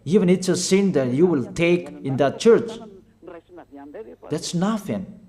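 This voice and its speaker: A man preaching a sermon, urging his listeners with repeated commands and slow, halting phrasing. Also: a little high, expressive, dark tone. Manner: emphatic, repetitive exhortation.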